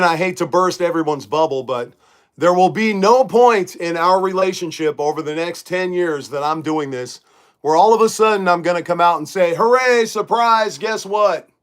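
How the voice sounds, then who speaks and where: A middle-aged man chats to his live audience from his bedroom, loose and emphatic, answering viewer comments as they come. His voice sits a little higher than most men's. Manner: chatty, emphatic, reads viewer comments aloud. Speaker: livestream host. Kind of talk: casual live-chat monologue.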